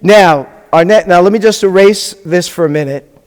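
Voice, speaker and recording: A man's voice: sits high, moderate pace, darkish tone, in a large hall. A man teaching a Hebrew class as a rabbi, patiently spelling things out and checking in often with his students. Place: classroom or hall with a live class.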